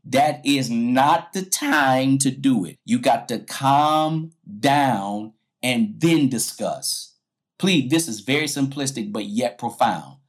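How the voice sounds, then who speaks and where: A man hosting a podcast in a sermon-like style, speaking emphatically, slowing down and repeating his key points. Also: mid-range voice. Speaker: podcast host, preacher.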